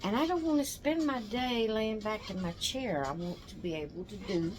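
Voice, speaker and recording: A woman's voice: mid-range voice, moderate pace, noisy background. An older woman who hosts a doll channel, chatting casually to camera in a rambling, tired way, yawning as she talks. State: exhausted.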